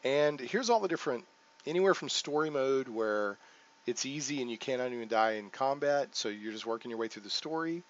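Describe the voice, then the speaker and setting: A man's voice: medium pitch, lively intonation, brisk, highs cut off. A man hosting a casual let's play, thinking aloud as he sets up a character, with many ums and self-corrections. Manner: thinks aloud while clicking through menus, frequent ums and self-corrections. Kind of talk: casual gameplay commentary.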